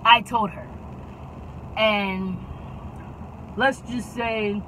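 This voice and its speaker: A woman's voice: mid-range voice, fairly even intonation, very slow, sharp tone, a little hiss or hum, poor audio. A young woman tells a casual, dramatic storytime and keeps adding "okay?" to drive her points home. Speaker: YouTube storyteller.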